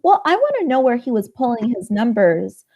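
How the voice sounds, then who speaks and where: A woman's voice: on the high side, sing-song, moderate pace, a little mellow. Blunt woman co-hosting a chat. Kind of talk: political talk chat.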